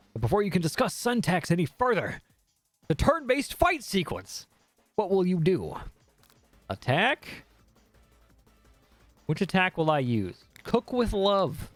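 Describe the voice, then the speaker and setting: A man's voice: high-pitched, normal speed, pauses often, dry recording, faint music behind. A man streaming a dating game, reading the text aloud with jokey, swearing commentary. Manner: animated, jokey, swears freely.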